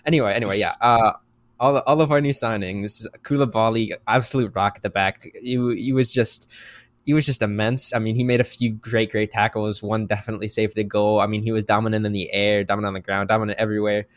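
Low-voiced rambling male podcast co-host. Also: steady tone, quick pace, fairly bright tone, no echo. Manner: rambling, repeats words with many uh fillers. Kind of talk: casual sports chat.

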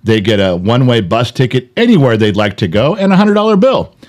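A man's voice: medium pitch, sing-song, a little fast, a little mellow. A middle-aged man co-hosting a podcast in casual chat, blunt and joking with a bit of profanity. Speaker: podcast co-host.

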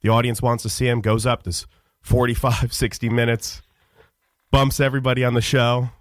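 Man, mock-solemn comic monologue, halting with many "uh"s, mid-pitched, dry close sound. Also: little pitch movement, dry recording. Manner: rambling, halting, full of "uh"s. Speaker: radio show guest. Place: radio studio.

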